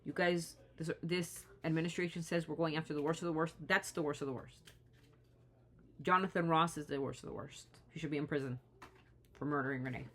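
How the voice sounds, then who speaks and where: A woman's voice: sits low, fairly even intonation, a little fast, fairly bright tone. A woman talking straight to the camera in an impassioned vlog, indignant and pleading, often restarting her sentences. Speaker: vlogger.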